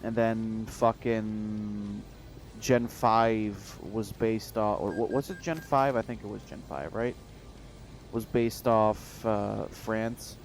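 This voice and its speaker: A man's voice: on the low side, slight background noise. A man chatting casually on a stream, rambling and swearing with frequent restarts. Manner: rambling, profane, halting restarts.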